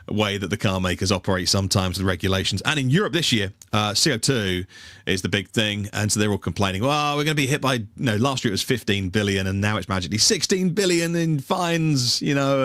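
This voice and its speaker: A podcast co-host with a fairly low, fairly bright voice chats casually in studio-quality, dry audio. He tends to ramble, full of fillers and restarts.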